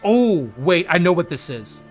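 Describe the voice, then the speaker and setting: A man's voice: high voice, big pitch swings, measured pace, faint music behind. Jokey man streaming a game. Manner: playful, jokey, greets chat by name. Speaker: livestreamer. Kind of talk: casual gameplay chat with viewers.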